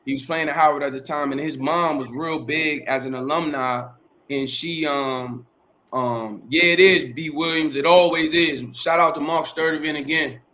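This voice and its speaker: A man's voice: a little high, fairly even intonation, moderate pace, bright, forceful tone, a little hiss or hum. A middle-aged man, a podcast host, telling his life story in a casual interview, rambling, repeating himself and using slang and profanity.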